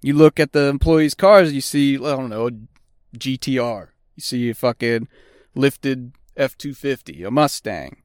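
A man's voice: medium pitch, a little slow, no echo, studio quality. A middle-aged man hosting a podcast, talking bluntly and swearing constantly in a casual monologue. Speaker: podcast host; auto technician.

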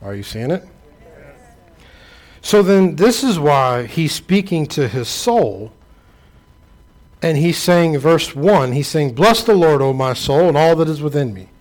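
A man's voice: fairly high pitch, expressive, unhurried, long pauses, darkish tone. A male pastor delivering a sermon, preaching in a rhythmic, emphatic way and telling stories to make his point.

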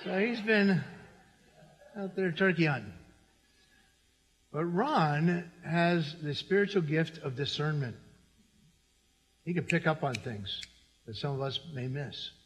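A man's voice: a little high, expressive, slow, long pauses, in a large hall. A middle-aged man pastor preaching a sermon in a church, talking conversationally and turning to the congregation with asides. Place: church sanctuary.

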